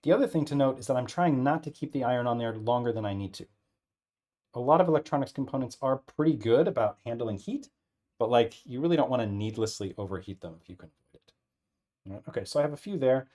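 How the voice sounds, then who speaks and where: Casting note: male instructor at a workbench, casual and unhurried, mid-pitched everyday voice, talks through each step as he does it. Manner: relaxed, thinking aloud, frequent "right?" checks. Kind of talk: casual hands-on demonstration. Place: workbench with an air filter running.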